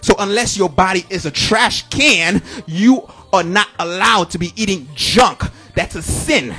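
A man's voice: sits high, expressive, unhurried, bright, forceful tone. A middle-aged male pastor from Haiti preaching a sermon at a church service, emphatic and repetitive, breaking into sung phrases and call-and-response.

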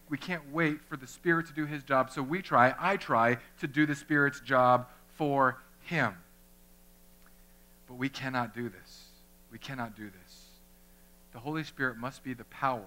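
In a church chapel, a young pastor with a mid-range voice preaches a sermon. He's animated and conversational, acting out the people he quotes.

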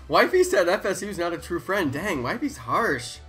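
A man in his thirties chatting casually and excitably on a live stream, often hyping and chanting. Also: sits high, normal speed, soft background music. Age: 30s.

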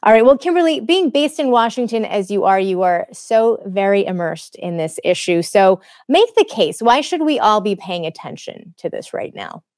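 A woman's voice: mid-range voice, big pitch swings, moderate pace, few pauses, a little mellow, no echo, clean studio sound. A woman hosting a tech podcast in a friendly, easy-laughing way, sometimes restarting her sentences. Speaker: host. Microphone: studio microphone.

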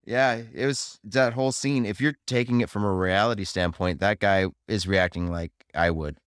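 A male co-host with a lowish voice, talking casually and reacting fast. He comes across with animated opinions, and the sound is dry and close with no room echo. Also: smooth. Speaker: podcast co-host. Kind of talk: casual chat.

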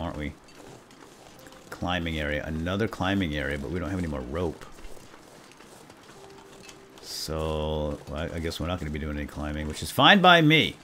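Excitable deep-voiced man narrating gameplay. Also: a little hiss or hum. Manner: chatty, excitable, narrates his own moves. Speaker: gaming YouTuber. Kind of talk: let's play commentary.

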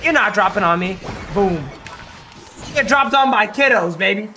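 A hoarse man streaming a game, giving hyped, trash-talking live commentary to his chat. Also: sits high, expressive, moderate pace, pushed and bright, faint music behind.

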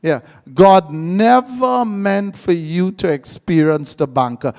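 A man's voice: high-pitched, lively intonation, takes it slowly, gravelly, darkish tone. A man preaching a live sermon, joking and quizzing his congregation. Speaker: pastor.

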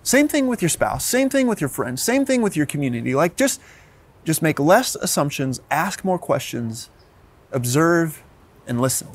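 A man's voice: on the high side, very animated, moderate pace. A man in his thirties, a pastor giving a sermon in an earnest way, often repeating words as he restarts.

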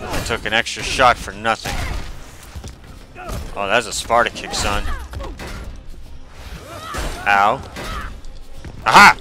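A man giving casual gameplay commentary, excitable, swearing and shouting at the game as he plays. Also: lowish voice, slow pace, long pauses. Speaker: video game player. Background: game music.

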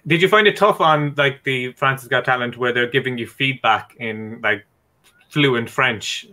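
A man's voice: mid-range voice, measured pace, pushed and bright. A man hosting a podcast, asking casual questions with a laugh. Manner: short backchannels and laughing questions. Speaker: podcast host. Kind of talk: casual interview chat.

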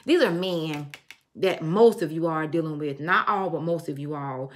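A woman's voice: sits low, moderate pace. A middle-aged woman giving a casual tarot reading, blunt and emphatic, telling stories and swearing freely. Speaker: tarot reader.

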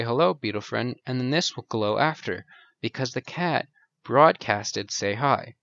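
A man's voice: mid-range voice, a bit bright. Casual self-mocking man teaching code. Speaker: programming tutor. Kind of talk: screen-recorded coding tutorial. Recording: dull dry lo-fi recording.

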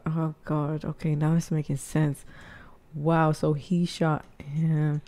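Lady reacting to a music video, kinda low voice, chatty and swears a bit. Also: takes it slowly. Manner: chatty and expressive, casual swearing. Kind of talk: casual reaction commentary.

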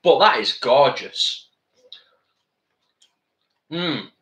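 A man's voice: medium pitch, lively intonation, drawn-out words, fairly bright tone, reverberant. A man co-hosting a live vegan cooking stream, chatting casually from a home kitchen and reading out viewer comments.

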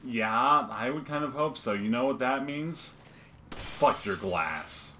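A man's voice: medium pitch, normal speed, sharp tone, slight background noise. A man joking and swearing while playing a video game with his mother. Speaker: let's play host. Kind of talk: casual gameplay chat.

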